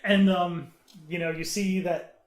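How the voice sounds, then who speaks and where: Male podcast panelist, high voice, earnest and halting, in a roomy echoey room. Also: level tone. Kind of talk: casual podcast chat. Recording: roomy echo.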